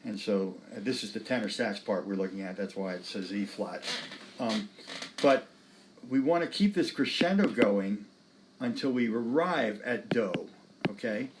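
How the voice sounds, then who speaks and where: Relaxed, encouraging male music teacher. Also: lowish voice, unhurried, background noise. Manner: relaxed, encouraging, sings phrases on syllables. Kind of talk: talking students through sheet music.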